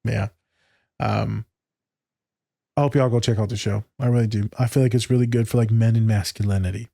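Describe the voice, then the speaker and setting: A man's voice: on the low side, fairly even intonation, brisk, creaky, dark tone, dry recording, studio quality. A man in casual podcast chat, loose and candid, swearing freely and acting out conversations. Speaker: podcast co-host.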